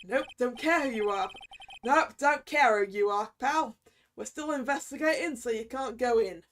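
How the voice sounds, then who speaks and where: A woman playing a gruff scruffy cop. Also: a little high, normal speed, fairly bright tone, slight background noise, close to an everyday voice. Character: gruff scruffy male police detective.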